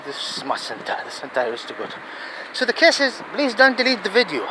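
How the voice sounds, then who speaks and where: A man's voice: sits high, huge pitch swings, fast, noisy background. A man vlogging in a rambling opinion monologue, pleading and repeating himself emphatically.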